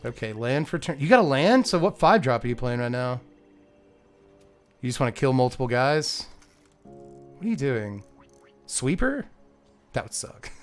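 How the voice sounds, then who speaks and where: A young man giving live commentary on his own card game, excitable and muttering, groaning at bad draws. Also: fairly high pitch, moderate pace, faint music behind. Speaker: gaming content creator.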